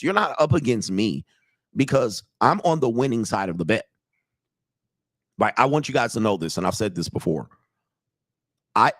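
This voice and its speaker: Older guy coach ranting, gravelly voice, dry close sound, cocky and cussing. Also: mid-range voice, no echo. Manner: blunt, profane, swaggering. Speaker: dating coach reacting to videos. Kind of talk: casual reaction commentary.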